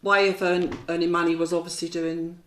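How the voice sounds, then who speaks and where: A woman's voice: lowish voice, flat delivery, a little fast. A woman hosting a casual chat, agreeable and backing up her guest with murmured 'mm's and tag questions. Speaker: host.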